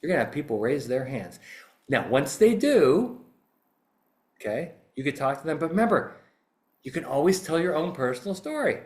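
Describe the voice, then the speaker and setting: A man who is a litigation psychologist, giving an animated, emphatic instructional talk on a podcast. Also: fairly high pitch, normal speed, pauses often.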